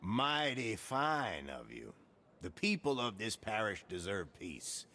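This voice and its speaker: A shrewd small-town sheriff with a drawl, slow and deliberate, his pitch rising and dropping as he toys with the person in front of him. The threat sits under a friendly tone, and the voice swings widely for emphasis. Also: sing-song, a crowd in the background. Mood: menacing. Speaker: game character.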